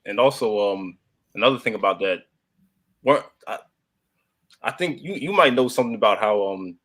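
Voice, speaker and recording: Hesitant, lower-voiced man in chat. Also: expressive, normal speed, a bit bright. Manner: hesitant, many ums and restarts. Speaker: livestream guest. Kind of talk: casual chat.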